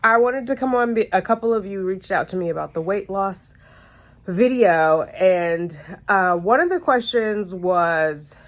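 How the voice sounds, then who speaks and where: A woman's voice: medium pitch, expressive, a little slow. A woman vlogger talking casually to camera about relationships, a bit congested, chatty and rambling with asides and self-corrections. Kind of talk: casual advice chat to camera. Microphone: phone camera.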